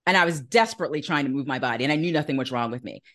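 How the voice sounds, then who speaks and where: A woman guest on an interview podcast, telling a personal faith story in an earnest, animated way and acting out the voices she quotes. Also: a bass voice, racing. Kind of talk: conversational testimony in an interview.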